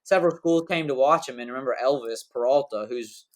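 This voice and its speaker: A man's voice: mid-range voice, fairly quick. A man hosting a podcast in casual chat, rambling and slangy, with many fillers and restarts. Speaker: podcast host.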